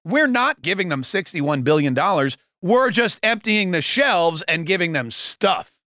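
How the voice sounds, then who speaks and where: Man, forties, podcast host, sarcastic, rambling, mocking asides, slightly high voice, dry close sound. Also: big pitch swings, moderate pace, sharp tone, no echo. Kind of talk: casual political commentary.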